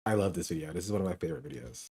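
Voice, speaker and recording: A man's voice: low-pitched, very fast, creaky, a little mellow, slightly rough. A man hosting a stream, chatting casually with laughing asides. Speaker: streamer host.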